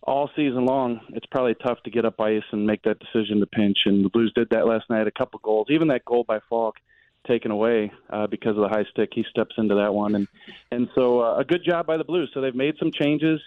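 A man's voice: mid-range voice, brisk, no echo. A man calling into a radio sports show as a reporter guest, tired and joking in a rambling, self-deprecating way. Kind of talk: casual radio chat. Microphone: phone line. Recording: tinny dry phone line.

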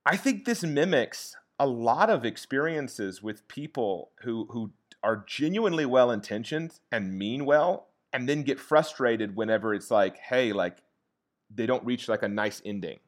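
A man casually retelling a historical episode in conversation, often pausing to check in with "okay?" and leaning on "like". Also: medium pitch. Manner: animated retelling with frequent "like" and "okay?" check-ins. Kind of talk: casual storytelling chat.

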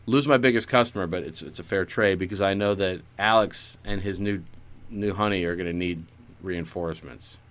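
A man's voice: low-pitched, moderate pace, a bit bright. A man in casual comedic chat, riffing improvised bits and swearing freely. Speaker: podcast co-host.

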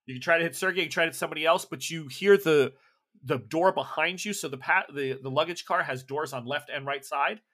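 A man's voice: on the high side, fast, fairly bright tone. Chatty man running a tabletop game. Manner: loose, chatty, many restarts. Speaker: game master.

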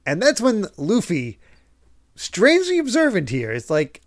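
Animated man retelling comic scenes. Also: high voice, unhurried, no room sound, clean studio sound. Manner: animated, acts out characters' lines while retelling. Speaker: podcast host. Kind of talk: casual chat recapping a manga.

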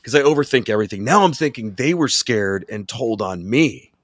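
A man telling a long story in casual chat, swearing often and acting out the people in it with loud voices. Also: mid-range voice, a little fast, dry recording, clean studio sound. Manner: profane, animated, acts out quotes loudly. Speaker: podcast guest telling a story.

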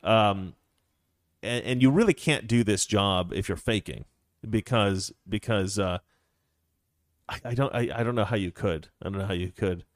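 A man's voice: lowish voice, moderate pace, no room sound, studio quality. A man co-hosting a casual chat, telling long rambling stories with frequent restarts and fillers. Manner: rambling storyteller with many restarts. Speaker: co-host.

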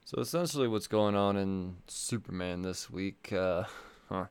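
A podcast host with a low, clear, resonant voice takes his time over a casual solo ad read. His delivery of the sponsor ads is loose and rambling, with swearing and verbal stumbles.

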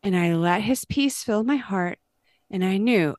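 A middle-aged woman giving a personal faith testimony, earnest and gentle, dropping into a soft hush when she speaks her prayers. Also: medium pitch, a little slow, no room sound.

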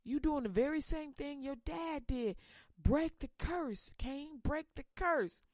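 A woman's voice: sits high, lively intonation, takes it slowly, a little mellow, dry recording, studio quality. A woman voicing God as a stern but loving father who scolds in street slang. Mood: correcting.

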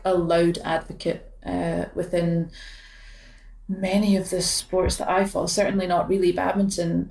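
A Scottish woman in her late twenties talks low and unhurried, picking her words with plenty of small stops and restarts. Her voice sits a little down in pitch. It comes from some way off the mic in a room that rings around her. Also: a little mellow. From Scotland. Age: late 20s. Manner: thoughtful, hesitant, many fillers and restarts. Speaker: badminton player, guest. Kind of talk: casual interview chat. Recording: roomy sound from a distant mic.

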